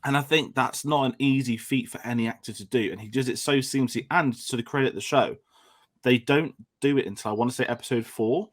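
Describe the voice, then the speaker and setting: A man's voice: mid-range voice, fast. An English man talks through a film in an easy, rambling way. He often restarts his sentences and piles on fillers as he works his way toward a point. His voice sits in a middle register. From England. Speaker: film discussion host. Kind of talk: casual film chat.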